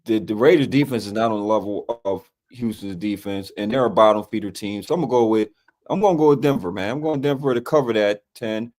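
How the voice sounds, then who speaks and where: Folksy man, lower voice. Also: fast, darkish tone. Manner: folksy, says "man" and "y'all" constantly. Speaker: co-host. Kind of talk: casual sports picks chat.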